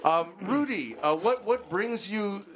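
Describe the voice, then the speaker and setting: Lively, halting male podcast host. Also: high-pitched. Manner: halting, teasing. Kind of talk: casual chat.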